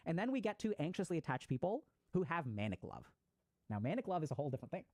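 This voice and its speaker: A man's voice: a little high, very animated, fast, darkish tone, no echo. A man giving a conversational lecture on psychology, explaining ideas and acting out short example voices.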